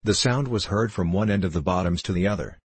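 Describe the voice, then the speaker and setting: A man narrating an audiobook novel in a measured, even reading. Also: sits low, breathy edge, dry recording. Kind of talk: scripted narration.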